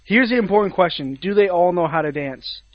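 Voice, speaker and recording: A man's voice: high voice, expressive, fairly quick, dry recording, lo-fi sound. A man in casual chat, throwing in wry joking asides.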